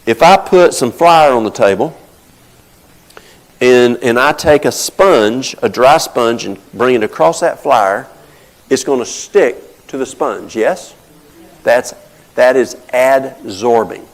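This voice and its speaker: A man's voice: mid-range voice, animated, slow pace, low-quality recording. An older man giving a folksy teaching talk, telling stories and explaining with plain everyday examples. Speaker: health talk presenter.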